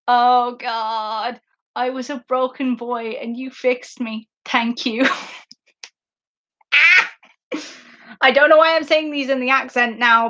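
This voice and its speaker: A young woman hosts a podcast live stream on a basic makeshift microphone, chatting casually and enthusiastically in a rambling, filler-heavy way. Her voice is fairly high, pushed and bright, though the audio sounds dull.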